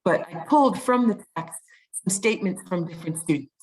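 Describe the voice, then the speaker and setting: A woman with a lowish, animated voice presents an online teaching webinar at a brisk pace, explaining things step by step with many ums and restarts. She's on a video call mic and the audio is poor.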